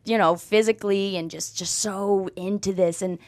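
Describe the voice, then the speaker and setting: A young woman, a guest on an interview show, telling her story with lively energy and acting out what people said. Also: mid-range voice, normal speed, dry recording. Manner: animated storyteller, acts out quoted dialogue, frequent "like". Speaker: guest, former college softball player. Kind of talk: conversational interview.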